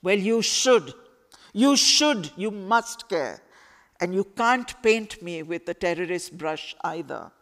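A woman reading aloud voices a calm but firm teenage boy who speaks low and earnestly. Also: measured pace, vocal fry, hardly any pauses. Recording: echoey hall with long reverb.

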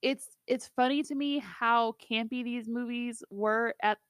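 A woman's voice: on the high side, steady tone, measured pace, clear, resonant tone, no room sound. Chatty laughing woman, dry close sound. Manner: chatty, laughs often, lots of fillers. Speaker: co-host of a movie review show. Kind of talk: casual chat.

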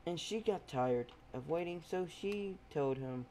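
A man's voice: on the high side, expressive, measured pace, warm tone, slight background noise. A man casually narrating a fan story, rambling with offhand asides.

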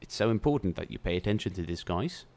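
A young man with a very low voice talks through his turns in a strategy game, chatty and loose. He thinks aloud as he plays, with the odd swear word. He speaks close to a desk mic. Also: lively intonation, racing, a little mellow, faint music behind. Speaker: gameplay commentator. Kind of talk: casual let's-play commentary.

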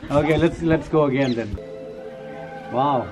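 A man's voice: mid-range voice, measured pace. Encouraging man at a pottery wheel. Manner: encouraging, playful. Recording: loud music and crowd behind.

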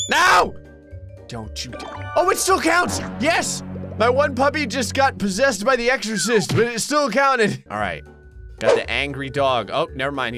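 A young man commentating a video game, excitable and joking, laughing often as he plays. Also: on the high side. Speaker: gaming YouTuber. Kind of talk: let's-play commentary.

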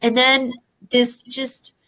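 A woman speaks slowly and softly over a video call, her voice high and bright. She is emotional and near tears, stopping and restarting as she tells her story. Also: completely flat delivery, low-quality recording. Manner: soft, halting, pausing often. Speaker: guest. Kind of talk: emotional personal account.

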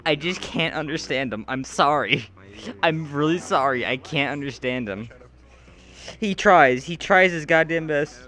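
A man's voice: a little high, a little slow, bright, forceful tone. A man streaming a social game, rambling apologetically and swearing often. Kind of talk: casual chat while playing.

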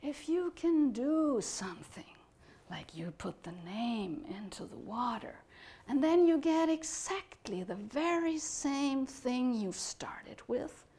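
A woman voicing a very old, wise female turtle in a storybook tale, speaking softly and slowly in a hushed voice. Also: high voice, sing-song, breathy edge, heavily acted. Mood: gentle, wise. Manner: soft, hushed and slow.

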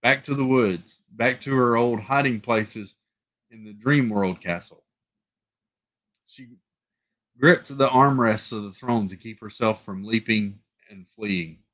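A man's voice: on the low side, slow, a bit bright. A man reading a novel aloud for a book club, often stumbling and correcting himself.

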